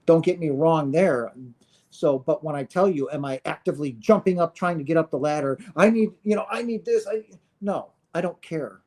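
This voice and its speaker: A man's voice: fairly high pitch, moderate pace, darkish tone. A man in his fifties from the United States, talking casually and earnestly about spirituality to his viewers, often asking "right?" and swearing now and then. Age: 50s. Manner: earnest, preachy, peppered with "right?" and profanity. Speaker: spiritual streamer.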